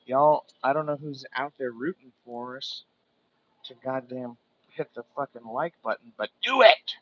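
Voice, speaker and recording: Man from Alaska, mid-pitched, rambling and profane livestream host; muffled lo-fi phone audio from a distance. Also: expressive, moderate pace, a little hiss or hum. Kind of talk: casual livestream chat while whittling. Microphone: phone set far from him.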